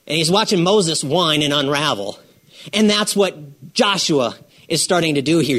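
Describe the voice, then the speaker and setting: A man preaching a sermon in a lively, conversational way, asking the congregation questions and repeating phrases for emphasis. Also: a little high, unhurried.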